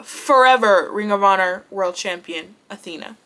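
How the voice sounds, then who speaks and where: Bright-voiced, blunt woman vlogger. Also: mid-range voice, normal speed, clear, resonant tone. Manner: animated and blunt, swears, laughs often. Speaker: wrestling vlogger. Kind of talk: casual vlog chat.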